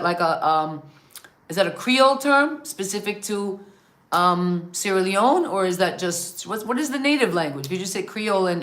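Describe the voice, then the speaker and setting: A woman's voice: on the low side, fairly bright tone. A woman hosting an interview in casual chat, asking long, rambling questions. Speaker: interview host.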